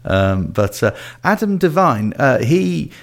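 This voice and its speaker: A man's voice: mid-range voice, very animated, slow pace, vocal fry. Easygoing man hosting a film chat. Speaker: podcast host.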